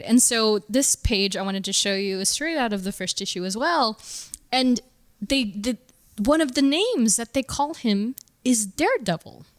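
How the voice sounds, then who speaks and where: A woman co-hosting a podcast in casual chat, rambling with fillers and laughing easily. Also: mid-range voice. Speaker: podcast co-host.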